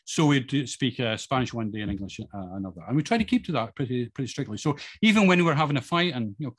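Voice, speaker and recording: Fast-talking middle-aged Scottish man. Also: mid-range voice, breathy edge. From Scotland. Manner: chatty, rambling, lots of ums and restarts; self-deprecating humour. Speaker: guest speaker. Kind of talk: informal talk to an audience with slides.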